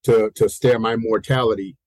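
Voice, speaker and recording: A man's voice: fairly low pitch, moderate pace, no echo, rough recording. A pastor of around sixty, a man, telling personal stories in an interview, acting out the voices he quotes, laughing often and repeating "you know". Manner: animated, acts out quoted voices, laughs often mid-story; repeats himself, peppers talk with "you know". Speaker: pastor and guest. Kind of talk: storytelling in a conversational interview.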